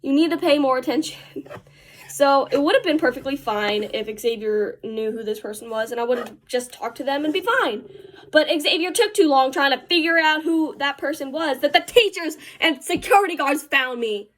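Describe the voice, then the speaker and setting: A woman's voice: high-pitched, animated, normal speed, a bit bright. A teenage girl telling a rambling story in a casual, chatty way while she does her makeup, with slangy asides. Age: teens. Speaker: vlogger.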